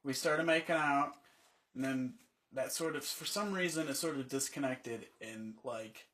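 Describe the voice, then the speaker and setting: A man with a bright, forceful voice, chatting as a podcast guest. He tells an animated story and acts out what people said along the way. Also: mid-range voice, a little slow. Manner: animated storytelling, acting out quotes. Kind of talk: casual chat.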